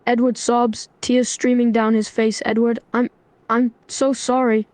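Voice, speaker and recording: A woman's voice: on the high side, unhurried, dry recording. Computer-voiced woman, text-to-speech narrator, evenly read melodramatic story, dry close sound. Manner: even, scripted, melodramatic prose. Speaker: AI chatbot narrator.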